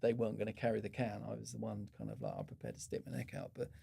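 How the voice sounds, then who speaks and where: A man's voice: lowish voice, fast talker, creaky, slightly rough. A middle-aged man, a former procurement executive, speaks as a guest in a podcast interview and tells anecdotes with many restarts. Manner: animated storyteller, many restarts.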